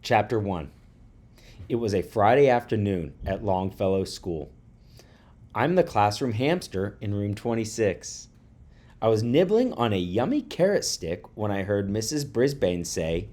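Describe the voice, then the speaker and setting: A man reading a children's chapter book aloud to students, warm and expressive. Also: lowish voice, a little slow.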